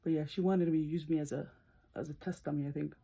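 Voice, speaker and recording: Her voice is gravelly and husky, and she talks fast in a muffled recording. An adult nurse who vlogs about beauty, she does her makeup while telling an animated, chatty story, laughing and slipping into high-pitched screams as she retells it.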